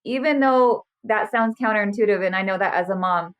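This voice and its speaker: A burnout specialist in her thirties, appearing as a podcast guest, speaks earnestly and animatedly in a casual interview chat, acting out quotes as she goes. Her voice is medium-pitched and a little fast, and the audio sounds dull.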